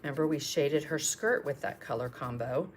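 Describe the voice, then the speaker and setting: Speaking in a low voice at a moderate pace, a female art instructor leads a live painting lesson, thinking out loud while she works and thanking people for their comments. A little hiss or hum sits under the audio.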